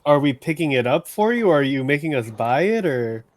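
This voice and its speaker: A man's voice: fairly high pitch, very animated, fairly quick. A man playing a tabletop game, blunt and sarcastic in casual talk. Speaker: player.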